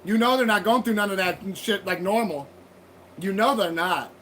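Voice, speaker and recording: A man's voice: sits high, moderate pace, a bit bright, slight background noise. A man hosting a livestream, ranting bluntly with heavy swearing and rambling restarts. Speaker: livestream host. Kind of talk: profane rambling monologue. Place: home livestream.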